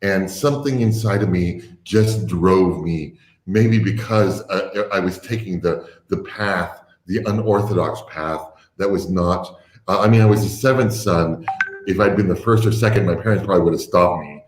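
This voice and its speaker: A man, a ballet company's artistic director, talking reflectively and unhurriedly as a podcast guest. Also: deep voice. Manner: reflective, unhurried, with fillers and restarts. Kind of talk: casual interview chat. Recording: roomy echo.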